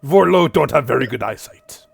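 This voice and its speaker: Small spiky creature messenger played by a man, broken english, gravelly, lively swoops, dry sound. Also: mid-range voice, no echo, heavily acted. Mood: matter-of-fact. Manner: broken English, slow and deliberate.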